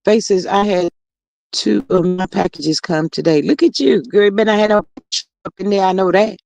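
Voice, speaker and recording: With no echo on the audio, a woman's creaky, slightly mellow mid-range voice comes through at normal speed. She's a livestream host who drawls chattily, greets viewers by name and reads their comments out loud.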